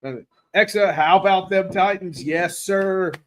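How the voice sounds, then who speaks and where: A man hosting a casual live football chat, rambling and excitable, reading viewer comments aloud, his throat raw from cheering. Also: high voice, a little slow, background noise. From Tennessee. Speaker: podcast host.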